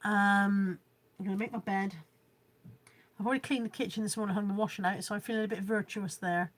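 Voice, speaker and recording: A woman's voice: mid-range voice, steady tone, a little fast. A woman vlogging live from home, reading out viewer comments in a rambling, chatty way and joking about how little she knows about technology.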